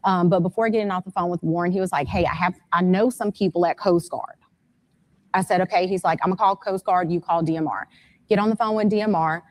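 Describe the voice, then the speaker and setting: A woman's voice: lowish voice, darkish tone. A woman speaking as an interview guest, a mother telling events step by step in detail and growing urgent and frantic. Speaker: guest, mother of a missing son.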